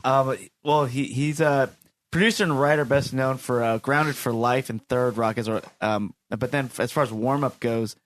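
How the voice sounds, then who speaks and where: A man's voice: medium pitch, moderate pace, dry recording. A man on a podcast, reading facts out in a casual tone. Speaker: podcast co-host.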